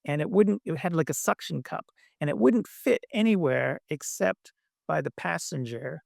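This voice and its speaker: A man teaching meditation, speaking gently and haltingly with many pauses and fillers. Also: a little high, lively intonation, vocal fry, dry recording, studio quality. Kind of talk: dharma talk.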